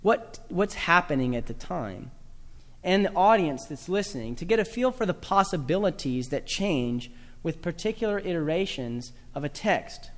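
A man's voice: fairly high pitch, lively intonation, normal speed, long reverb tail. A man from the American South giving a talk to a live audience about teaching children proper speech, with dry humor and spoken examples.

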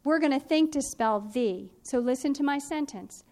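A woman teaching a phonics and spelling workshop, explaining in a clear, patient, instructive way. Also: high voice, moderate pace, hardly any pauses, dark tone.

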